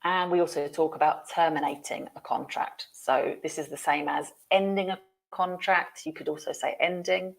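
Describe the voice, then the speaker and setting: Low creaky-voiced woman teaching. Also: steady tone, moderate pace. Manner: patient, explaining, British-polite phrasing. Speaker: English teacher. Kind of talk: business English lesson.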